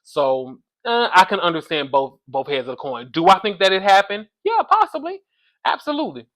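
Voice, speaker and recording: Man, high voice, animated, sassy, casual chat. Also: normal speed. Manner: sassy, animated, calls listeners baby and y'all. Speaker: reality show reviewer.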